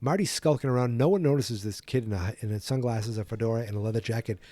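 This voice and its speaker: A man hosts a podcast and casually retells a film from memory, rambling, correcting himself and yawning. His voice has a mellow, dark tone, recorded close and dry. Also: medium pitch, fast talker, no room sound. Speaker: podcast host.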